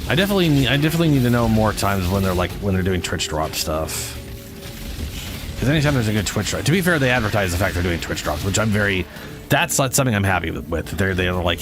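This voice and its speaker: A man's voice: on the low side, big pitch swings, quick pace, over music. A man streaming a game, talking casually in a profane, ranting way and often correcting himself. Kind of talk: casual gameplay commentary.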